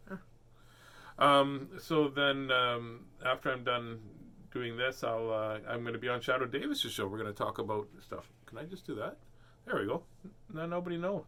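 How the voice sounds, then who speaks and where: A man's voice: medium pitch, moderate pace, pushed and bright. A man hosting a casual live read-aloud of children's books, playful and goofy, often laughing at himself. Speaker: host reading children's books.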